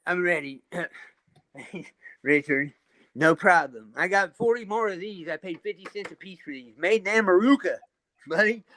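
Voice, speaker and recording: A man's voice: high voice, normal speed, bright, forceful tone. A man chatting casually on a live video call panel, rambling as he shows off things he built. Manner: rambling, shows off his stonework and builds. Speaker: panel guest.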